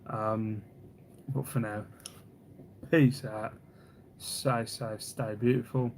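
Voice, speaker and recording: A man's voice: medium pitch, fairly even intonation, slow, darkish tone, a little hiss or hum. A man hosting a casual live stream, rambling, teasing, and reading viewer comments aloud. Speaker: livestream host.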